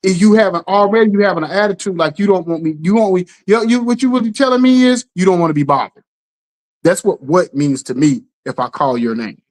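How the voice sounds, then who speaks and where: Man, middle-aged, podcast host, casual chat, animated, acts out voices, keeps checking in with the listener. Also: high-pitched, brisk, rough recording. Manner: animated storytelling, acts out quotes, keeps asking "you know what I'm saying".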